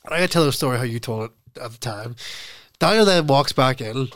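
A young man, hosting a casual podcast and telling an animated story with frequent laughs. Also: medium pitch, fairly quick, a little hiss or hum. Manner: animated storytelling, laughs often, calls friend "lad". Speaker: podcast host. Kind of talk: casual chat.

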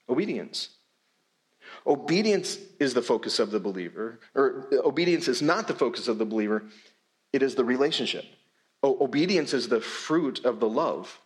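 A man's voice: mid-range voice, lively intonation, normal speed. A male pastor preaching a sermon in a church, with a conversational, emphatic delivery and frequent repeated words. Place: church sanctuary.

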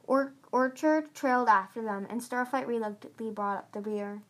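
Lady reading a dragon book out loud, kinda high voice, trips over words sometimes. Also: normal speed. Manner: earnest reading with occasional stumbles and restarts. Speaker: audiobook reader. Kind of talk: reading a novel aloud.

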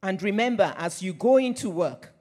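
A man delivers a sermon in a fairly high voice. He is earnest, mixing scripture with his own workplace story, and often drops to a near murmur as a phrase ends. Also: lively intonation, normal speed, a little mellow. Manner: personal storytelling with repeated phrases. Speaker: preacher.

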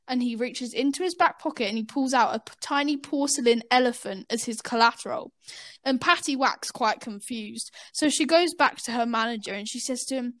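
Young woman, high voice, dry close sound, playful podcast co-host. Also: normal speed, a bit bright, no room sound. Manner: playful, fact-sharing, joke-telling. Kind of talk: casual chat.

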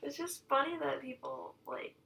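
High, gravelly young woman, laid-back. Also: normal speed, bright, forceful tone, slight background noise, rough recording. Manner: laid-back, giggly, offhand. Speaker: podcast guest. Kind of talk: casual podcast chat.

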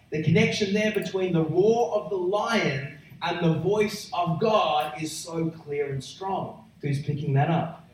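A man preaching a sermon to a congregation, emphatic and building to loud peaks. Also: on the high side, measured pace. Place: large church hall. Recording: echoey hall from far off.

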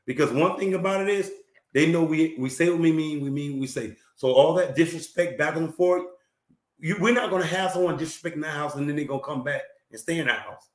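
A male talk show host delivers emphatic, preachy relationship advice, repeating phrases and often clearing his throat. His voice is on the high side and brisk, in a reverberant space.

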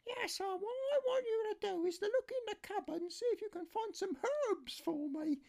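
A man putting on a high falsetto to voice his fussy young niece asking for cooking ingredients. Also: moderate pace, creaky, a little mellow. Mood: demanding. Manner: high squeaky falsetto, pleading.

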